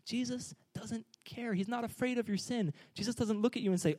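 Preacher: a man with a high voice, lively and joking, pushing the room to respond. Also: a little fast. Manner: energetic, joking, urging the congregation to respond. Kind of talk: sermon.

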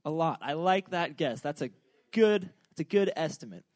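A man's voice: on the high side, lively intonation, moderate pace, darkish tone, no echo. A young man giving a humorous, casual sermon in a joking, rambling, self-deprecating way. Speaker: preacher.

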